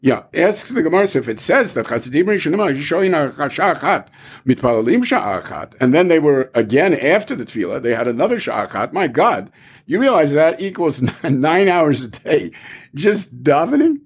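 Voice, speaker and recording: Animated, husky-voiced male Talmud teacher. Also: fairly high pitch, moderate pace. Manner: animated, peppered with rhetorical questions and Hebrew terms. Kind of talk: Talmud class lecture.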